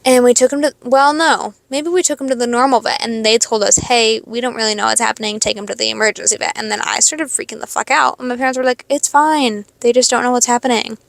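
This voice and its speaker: A woman's voice: fairly high pitch, steady tone, fast talker, creaky, hardly any pauses, fairly bright tone, dry recording. A young woman hosting a podcast, telling a rambling, expletive-laden personal story in a casual confessional monologue. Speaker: podcast host.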